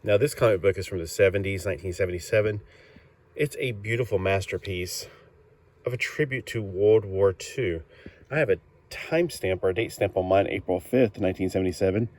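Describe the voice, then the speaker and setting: Man, deep low voice, casual comic book review, rambling, lots of fillers and self-corrections. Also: brisk, darkish tone.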